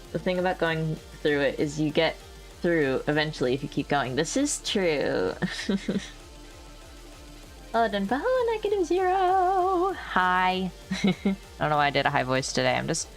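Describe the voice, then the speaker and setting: Woman streamer chatting away on a new mic, kinda low voice, laughs a lot, swears casually, faint music behind. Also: a little slow, pauses often. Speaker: livestreamer. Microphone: new desk microphone.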